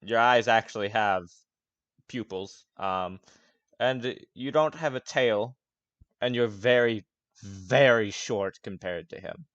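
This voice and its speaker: A man's voice: on the low side, slow, a bit bright, no echo, dull audio. A man narrating a tabletop game as its game master, casual and hesitant, swearing often and breaking into laughs.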